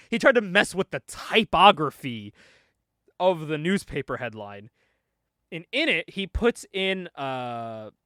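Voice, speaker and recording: A man's voice: on the high side, fairly bright tone, no echo, studio quality. A man casually recapping a comic book, joking, swearing and laughing often as he goes. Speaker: podcast host reviewing a comic.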